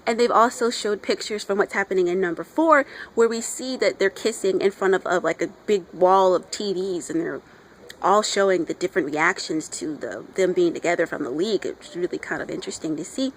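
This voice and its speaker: A woman's voice: fairly low pitch, brisk, poor audio. Woman, casual comic reviewer, enthusiastic and chatty, outdoor recording with light background noise. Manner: gushing, chatty fan talk with playful voices for characters.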